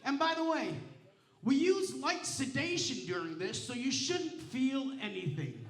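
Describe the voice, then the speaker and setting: A man's voice: very high voice, very animated, measured pace. A man doing a stand-up comedy set on a casino stage, telling stories in a brash, profane, punchy way. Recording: roomy casino showroom sound.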